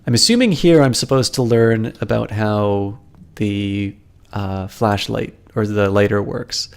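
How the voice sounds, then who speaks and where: A man livestreams a game, chatting casually with viewers as he plays, full of ums and restarts. His voice is lowish, creaky, and smooth, and he doesn't hurry.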